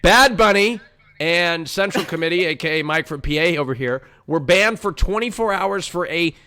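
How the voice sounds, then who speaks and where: A young man hosts a loose group podcast, his voice bright and slightly high. He rambles through topics with playful emcee patter, peppered with ums and uhs. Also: expressive, normal speed, clean tone. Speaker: podcast host. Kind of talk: casual group podcast hosting.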